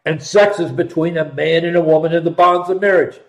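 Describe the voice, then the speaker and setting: Emphatic man, high voice, echoey room. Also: steady tone, fairly quick. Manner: emphatic, sarcastic, repeats for stress. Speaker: host. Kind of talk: political commentary show.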